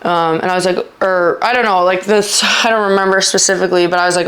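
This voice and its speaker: A woman vlogger telling a personal story in casual chat, rambling with lots of filler words and sometimes halting and trailing off. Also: fairly low pitch, fairly even intonation. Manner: halting, trailing off when upset.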